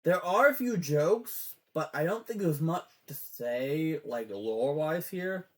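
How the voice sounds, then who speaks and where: Slow-talking fan, swearing and teary. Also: medium pitch, animated. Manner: rambling, swears often, gets teary. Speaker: fan commentator. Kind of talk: casual show breakdown.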